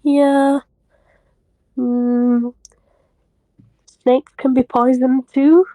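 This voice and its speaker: A woman's voice: high voice, little pitch movement, very slow, dark tone, no echo. A woman playing a tabletop game, hesitant, laughing often and trailing off. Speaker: player.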